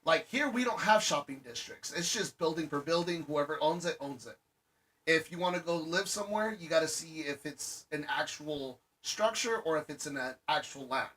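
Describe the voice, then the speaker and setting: A man from Arizona with a slightly high, husky voice. He explains things haltingly, tripping over words and starting over. The talk is loose podcast chat. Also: expressive, a bit bright, rough recording. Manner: explains haltingly, restarts often. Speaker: podcast co-host. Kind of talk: casual chat.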